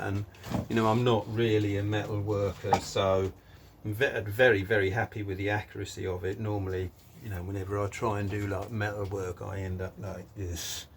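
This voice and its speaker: A man's voice: lowish voice, a little hiss or hum. A man talking casually through a guitar build in his workshop, rambling with lots of fillers. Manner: rambling, many fillers and "sort of thing".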